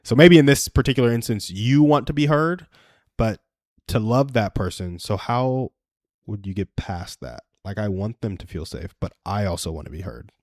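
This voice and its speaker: A man's voice: lowish voice, animated, normal speed, a little mellow, no room sound, clean studio sound. A young adult man hosting a live stream, giving earnest, self-deprecating advice through personal stories in a casual chat.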